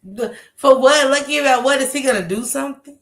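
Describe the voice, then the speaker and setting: A woman streamer telling a story to her viewers in a casual, animated way, swearing freely and laughing often. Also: high voice, a little fast. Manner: animated, profane, laughs often, acts out others' lines. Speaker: livestream host telling a story.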